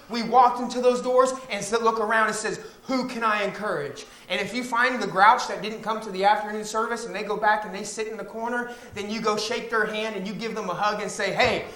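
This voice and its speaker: Brief: male pastor, high tenor, casual church sermon, teasing impressions of grumblers. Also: sharp tone. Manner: conversational preaching, mocking voices of complainers. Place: church sanctuary.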